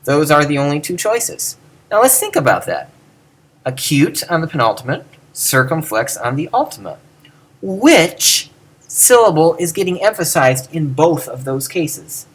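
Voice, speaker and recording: A man's voice: on the high side, very animated, normal speed, a bit bright, breathy edge. A man giving a casual lecture, musing aloud and often correcting himself with many ums. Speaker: teacher.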